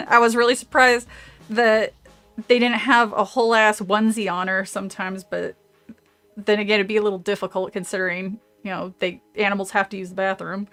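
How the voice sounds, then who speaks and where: A woman's voice: medium pitch, little pitch movement, brisk, fairly bright tone, faint music behind. A woman streamer chatting casually with her audience, rambling, trailing off into asides and laughing often. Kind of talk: casual livestream chat with audience.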